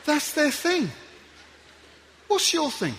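A man giving a playful, animated talk to an audience as a guest speaker, acting out little scenes as he goes. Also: extremely high pitch, slow pace, background noise. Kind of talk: lively motivational talk to an audience.

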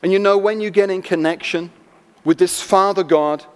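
Guy preaching, really high voice, lively storyteller, big echoey hall. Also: moderate pace, clean tone. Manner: animated storytelling, acting out voices. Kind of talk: sermon. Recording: long hall reverb.

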